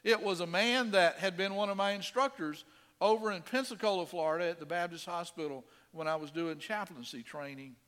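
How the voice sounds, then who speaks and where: A middle-aged male pastor preaching a sermon in an earnest manner, swinging between quiet asides and emphatic stresses. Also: sits high, fairly quick, in a large hall.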